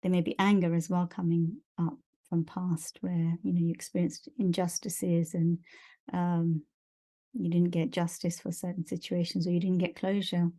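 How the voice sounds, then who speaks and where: A woman's voice: fairly low pitch, level tone, normal speed, dark tone. A woman giving a monthly spiritual energy update, talking earnestly and encouragingly in long repetitive lists. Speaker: spiritual teacher.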